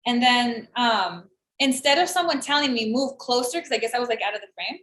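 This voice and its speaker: Podcast co-host, woman in her 30s, high-ish voice, sarcastic storyteller, roomy echo. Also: a little fast, slight background noise. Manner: animated storytelling, acts out quoted voices, sarcastic. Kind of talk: casual chat. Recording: echoey room.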